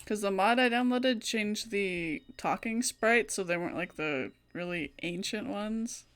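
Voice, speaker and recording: A woman's voice: medium pitch, unhurried, hardly any pauses, fairly bright tone. A woman casually chatting and rambling while she streams a game, with plenty of fillers. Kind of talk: casual gaming commentary.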